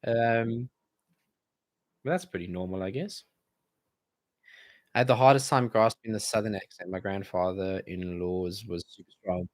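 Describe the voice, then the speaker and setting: A man's voice: sits low, steady tone, unhurried, pauses often, no echo. Jokey man chatting on a dry mic. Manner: jokey, reads viewer comments aloud and banters. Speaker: streamer hosting a Q&A. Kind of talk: casual live stream chat.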